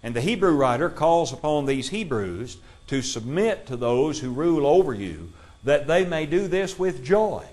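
A man teaching a Bible class, reading scripture aloud slowly and putting questions to his listeners. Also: a little high, very animated, a little mellow.

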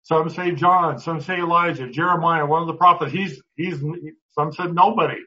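A man's voice: on the high side, steady tone, normal speed, sharp tone. A man teaching a Bible class in a conversational way, often restarting words and putting questions to the class. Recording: dull lo-fi recording.

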